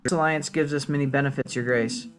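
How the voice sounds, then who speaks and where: A man's voice: medium pitch, steady tone, quick pace, slight background noise, natural voice. Guy reading a stiff polite advisor dude, pretty plain voice. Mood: formal. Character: formal male royal advisor.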